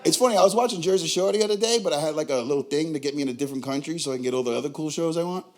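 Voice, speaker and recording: A man's voice: fairly high pitch, very fast. A young man with a Tulare, California accent performing a profane, brash stand-up comedy set. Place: comedy club.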